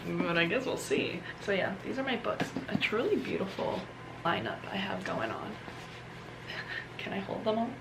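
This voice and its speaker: A woman's voice: medium pitch, big pitch swings, moderate pace. A young woman vlogging casually at home, chatty and self-deprecating, trailing off mid-sentence. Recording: noisy home recording.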